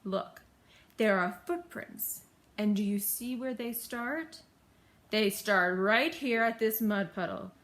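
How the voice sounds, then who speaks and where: A woman voicing a pompous male detective who declaims slowly and grandly. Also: mid-range voice, fairly bright tone. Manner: grand, declaiming, slow and emphatic. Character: pompous self-proclaimed great male detective.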